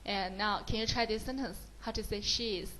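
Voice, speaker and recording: A woman's voice: mid-range voice, fairly quick, bright, forceful tone, slight background noise, poor audio. A woman with a Mandarin Chinese accent teaching a beginner lesson, mixing English with Mandarin and praising often. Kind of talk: slow, encouraging beginner lesson.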